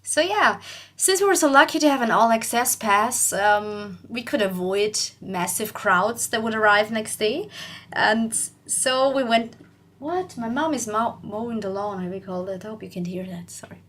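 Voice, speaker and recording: A woman's voice: a little high, animated, normal speed, a bit bright. Chatty young woman telling a story. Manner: chatty, rambling, laughs often, acts out quotes. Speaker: YouTuber. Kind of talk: casual storytelling vlog.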